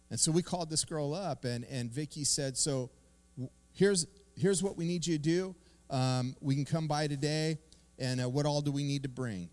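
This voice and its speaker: A middle-aged man preaching a sermon as pastor, telling stories in a casual, animated way with slang. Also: fairly high pitch, moderate pace.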